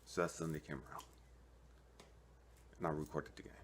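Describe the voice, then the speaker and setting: With a rumbling low voice and a fairly quick delivery, this California online preacher talks casually to camera, using streetwise slang, playing both parts of conversations in his stories and often asking "you know what I mean." There is slight background noise.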